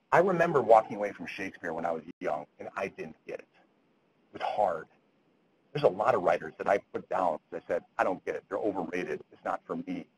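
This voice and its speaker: A man's voice: fairly low pitch, slight background noise, low-quality recording. A middle-aged man lecturing physicians at grand rounds, earnest, quoting literature, with frequent restarts. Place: lecture hall.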